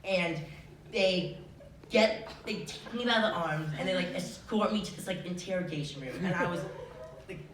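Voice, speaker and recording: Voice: medium pitch, normal speed, a crowd in the background. Teen student, live storytelling, chatty with lots of fillers; distant mic, echoey auditorium. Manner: chatty, many filler likes. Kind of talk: live true-story telling. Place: school auditorium with audience. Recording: roomy hall, distant mic, noisy. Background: audience laughter.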